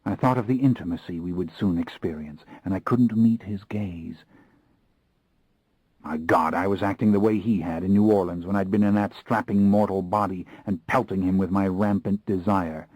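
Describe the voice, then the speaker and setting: A man's voice: low voice, fairly even intonation, normal speed, dry recording, highs cut off. A man narrating an audiobook in the first person, with an intense, brooding reading into a close studio mic.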